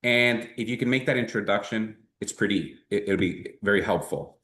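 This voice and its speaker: Animated male sales trainer in echoey room. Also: on the low side, moderate pace. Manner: animated, checks in with constant "right?"; acts out sample dialogues. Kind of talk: conversational training talk.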